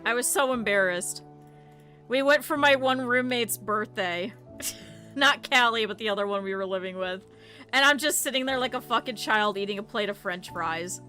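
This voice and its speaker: A woman streamer telling stories in casual, animated, profane talk, laughing often. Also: fairly high pitch, moderate pace, faint music behind. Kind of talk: casual livestream storytelling.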